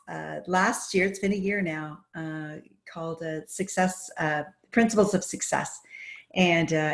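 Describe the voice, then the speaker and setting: A woman guest on a podcast, telling her stories with enthusiasm in a casual, run-on way. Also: on the low side. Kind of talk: casual interview storytelling.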